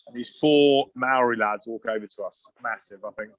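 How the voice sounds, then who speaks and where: A man in his thirties telling loose, animated rugby stories in casual podcast chat. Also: mid-range voice, fast, few pauses. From England. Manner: animated, swearing anecdotes with asides and restarts. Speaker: guest, former rugby player.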